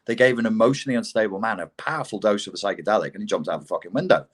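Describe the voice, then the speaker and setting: A man co-hosting a casual podcast conversation, talking in an animated way, swearing freely and building to indignant outbursts. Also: lowish voice, rapid-fire. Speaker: podcast co-host.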